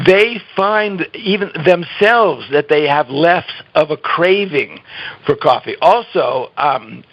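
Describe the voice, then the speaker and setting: A slightly rough, somewhat high male voice with vocal fry belongs to a guest dispensing health advice in a conversational interview. He's earnest and emphatic about his habits, laughs frequently, and restarts sentences; the recording is dull and lo-fi.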